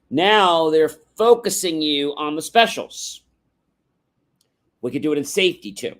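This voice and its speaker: A fairly high-pitched, very animated man speaks at a measured pace, hosting a motivational livestream through a livestream microphone. His teaching style contrasts yes-no questions with open ones, punctuated by rhetorical "right?"s.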